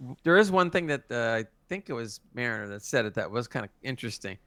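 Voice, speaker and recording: A man hosts a podcast chat, keenly explaining lore as a longtime fan. His voice is bright and forceful, and the recording is close and dry, with no room sound. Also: mid-range voice, lively intonation, fast talker, dry recording. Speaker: podcast host. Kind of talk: casual review chat.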